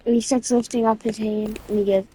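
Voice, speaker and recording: A woman narrating a game event in a casual, excited, slangy way, restarting her sentences again and again. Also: a little high, brisk, husky. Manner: rambling storytelling with constant restarts. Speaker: gaming video creator.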